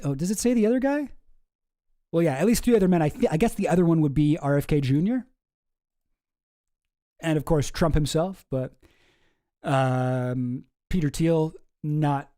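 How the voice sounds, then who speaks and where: A man with a slightly high but mellow voice reads news aloud and keeps stopping to riff on it. His asides are sarcastic, with little mock voices and stumbling restarts. The sound is dry and close, with no room around it. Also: dry recording. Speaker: political commentary streamer. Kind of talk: casual reading and commenting on news.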